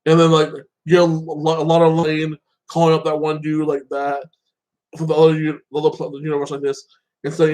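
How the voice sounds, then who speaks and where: A man's voice: a little high, completely flat delivery, brisk, darkish tone, low-quality recording. Rambling man recapping a show. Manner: rambling, filler-heavy, acts out characters' lines. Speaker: show reviewer. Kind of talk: casual recap review.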